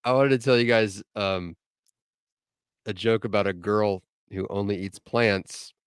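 A man co-hosting a casual podcast, setting up jokes deadpan and swearing casually. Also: on the low side, unhurried, smooth, dry recording, studio quality. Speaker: podcast co-host.

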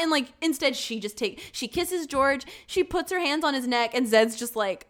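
A woman's voice: high voice, normal speed, hardly any pauses. A woman in casual chat, recapping a movie and acting out the characters' lines. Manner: chatty, acts out characters' lines. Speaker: podcast co-host.

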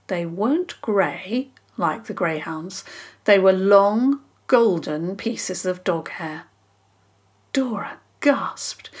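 A woman calmly narrating a children's story in a measured, scripted reading. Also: medium pitch, husky.

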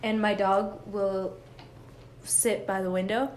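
A woman's voice: medium pitch, level tone, takes it slowly, slight background noise. A young woman co-hosting a podcast, chatting casually, giggly and rambling with many restarts. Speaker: podcast co-host. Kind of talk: casual chat.

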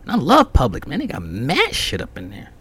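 A man on his solo podcast, ranting casually and cursing freely. His pitch leaps up and down as he gets worked up, and he tells the story with heated, animated irritation. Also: fairly quick, slightly rough. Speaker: podcast host.

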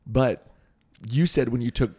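A man's voice: mid-range voice, measured pace, dark tone, slightly rough. A young man hosting a podcast, asking his mother questions in a casual chat and laughing easily. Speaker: podcast host.

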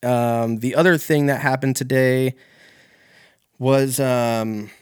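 A man's voice: medium pitch, steady tone, slow, smooth. A man hosting a podcast, telling a rambling story in casual talk, swearing often and correcting himself as he goes. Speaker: podcast host.

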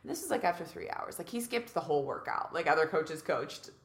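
A woman in her thirties, a guest casually telling a story, animated and acting out quotes, saying "like" a lot. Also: low-pitched, brisk, reverberant. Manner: animated, acts out quotes, heavy use of "like".

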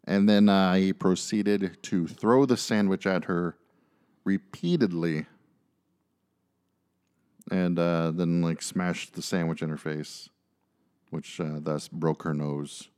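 A man's voice: sits low, fairly even intonation, slow, pauses often, a little mellow, clear, resonant tone. A man co-hosting a podcast, telling stories in casual chat with lots of fillers and jokey asides. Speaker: podcast co-host.

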